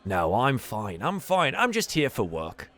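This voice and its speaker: A man's voice: mid-range voice, huge pitch swings, unhurried, a bit bright, soft background music, voice pushed up, heavily acted. A man voicing a boastful woman who arm-wrestles at a tavern bar, brash and confident.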